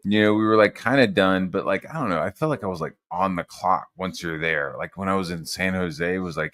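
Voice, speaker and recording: A man with a fairly low voice telling a story in a loose, rambling way. He swears freely and fills his talk with casual fillers. His voice sounds dry and close. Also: fairly quick, a bit bright, dry recording. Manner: rambling, profane, lots of fillers.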